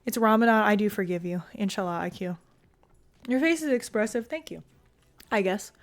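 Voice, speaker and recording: A woman's voice: mid-range voice, moderate pace, pauses often. A young woman streaming and chatting casually with her viewers, loose and talkative, full of fillers and casual swearing. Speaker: streamer reading chat.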